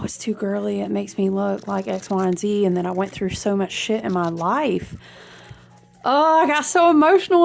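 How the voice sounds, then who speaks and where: Chatty, excitable woman with a gravelly edge. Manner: animated and chatty, jumps between topics, frequent high exclamations; speaks to viewers as friends, slangy and warm-hearted. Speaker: tarot reader. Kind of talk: casual spiritual vlog chat.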